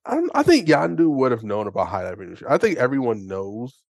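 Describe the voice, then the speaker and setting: A man co-hosting a podcast, chatting casually and excitedly about a movie, rambling and acting out lines. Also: medium pitch, fast, vocal fry, dry recording, clean studio sound. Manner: excitable, rambling, acts out quotes. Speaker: podcast co-host. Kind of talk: casual movie review chat.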